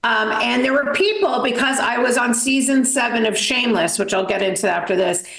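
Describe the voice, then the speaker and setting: Bostonlu, kendini tiye alan kadın komedyen. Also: female voice, on the high side, expressive, fairly quick, creaky, fairly bright tone, roomy sound. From Massachusetts. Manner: self-deprecating, dramatic storytelling with many fillers. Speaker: stand-up comedian. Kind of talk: stand-up comedy set. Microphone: video call.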